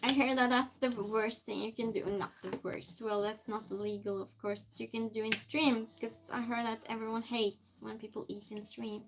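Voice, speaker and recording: A woman's voice: fairly high pitch, fairly even intonation, moderate pace, few pauses, background noise. A woman chatting casually with her live-stream viewers and answering their messages as she moves things around her small space. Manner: chatty, reads and answers chat while moving things around.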